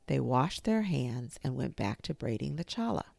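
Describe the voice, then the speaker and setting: Low, gravelly woman reading a storybook. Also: no room sound. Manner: slow, expressive read-aloud. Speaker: narrator.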